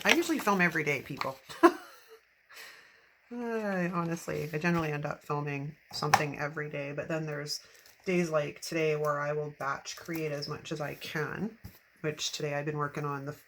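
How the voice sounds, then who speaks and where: A woman in her fifties chatting casually while decorating a planner, rambling and laughing often. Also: low-pitched. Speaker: planner vlogger. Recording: steady background noise.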